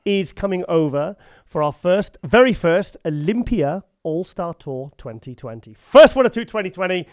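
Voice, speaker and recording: A man hosting a casual interview, chatty and quick to laugh. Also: high voice, expressive, darkish tone, no room sound, clean studio sound. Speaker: host. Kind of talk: casual chat.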